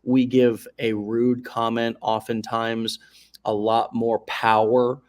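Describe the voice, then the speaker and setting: Slow and flat, his medium-pitched voice carries a live interview show he hosts. He's effusive and meandering, stretching out long questions with lots of fillers and false starts.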